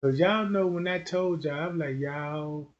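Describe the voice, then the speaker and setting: A man's voice: sits high, normal speed, dull audio. A man hosting a casual commentary stream, slangy and emphatic, repeating himself as he builds up his points. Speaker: YouTube commentator.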